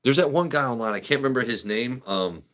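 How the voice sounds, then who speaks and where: A man's voice: mid-range voice, lively intonation, fast talker, a bit bright. A man hosting a casual livestream, chatting loosely, swearing and joking with viewers by name. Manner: profane, joking, talks to chat by name. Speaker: livestream host. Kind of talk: casual rambling livestream chat.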